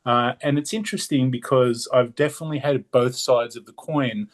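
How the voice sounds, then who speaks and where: A podcast co-host with an Australian accent chats casually in a mid-range voice, keeping a steady tone and moderate pace. He is talkative and rambling, often wandering off on tangents.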